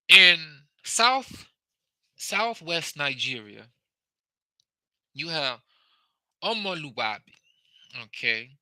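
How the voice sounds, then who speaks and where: A young man talks through his ideas slowly and carefully, with a bright, sharp voice pitched a little above the usual. The sound is dry and close, with no room around it. He now and then lifts or drops his voice to show what he means. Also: dry recording, rough recording. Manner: slow, deliberate, demonstrative with vocal inflections. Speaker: host. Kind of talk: casual teaching talk.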